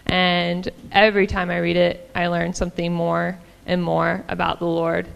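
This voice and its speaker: A woman's voice: lowish voice, monotone, normal speed, vocal fry, clear, resonant tone, long reverb tail. A woman giving a casual, chatty sermon in a church, with frequent ums and small laughs. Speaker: church speaker.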